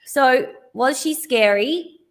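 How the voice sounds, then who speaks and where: A woman's voice: high-pitched, slow pace, slight background noise. Enthusiastic woman podcast host. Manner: enthusiastic, asks leading questions. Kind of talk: casual interview.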